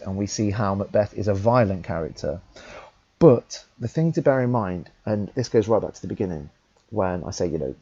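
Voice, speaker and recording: A young man teaching, talking through a text in a relaxed, conversational way with fillers and restarts. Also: on the low side, slightly rough, highs cut off. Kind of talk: talkthrough lesson.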